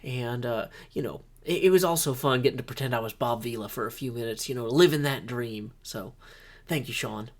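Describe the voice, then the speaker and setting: A man's voice: mid-range voice, fairly quick. A man hosting his own video, rambling casually over Minecraft gameplay with self-deprecating jokes. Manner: excited, upbeat office tour. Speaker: host.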